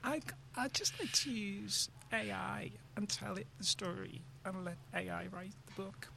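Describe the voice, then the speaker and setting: Very gravelly woman chatting. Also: medium pitch, a little slow, bright, forceful tone, a little hiss or hum. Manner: plain-spoken, firm opinions. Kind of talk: casual group chat.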